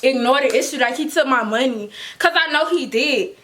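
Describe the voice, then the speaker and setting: A young woman telling a storytime vlog in casual slang, animated, laughing often and acting out quotes. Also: high voice, normal speed. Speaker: storytime vlogger.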